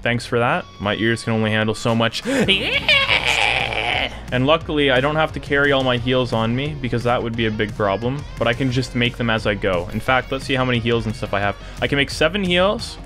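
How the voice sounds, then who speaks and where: A young man giving let's play commentary, excitable and taunting the enemies on screen. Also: medium pitch, fairly quick, music in the background. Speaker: gaming YouTuber.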